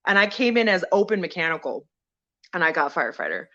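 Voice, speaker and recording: A woman guest on a podcast, telling her own story casually and acting out the people in it with big pitch jumps. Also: fast, dull audio. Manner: animated, acts out quoted people with sudden jumps in pitch. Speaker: podcast guest, veteran and former firefighter.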